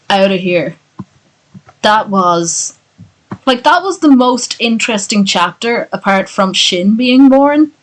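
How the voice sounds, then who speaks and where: A woman's voice: a little high, slow, pauses often, rough recording. A woman streamer chatting casually and profanely after a long reading, tired and with a sore voice. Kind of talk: casual chat.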